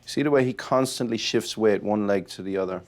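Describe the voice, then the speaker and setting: A man working as a veterinary surgeon, briskly explaining a dog's symptoms to its owners in a clinic. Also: fairly low pitch. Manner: brisk, explaining and pointing out signs. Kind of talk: consultation with pet owners. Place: vet clinic consulting room.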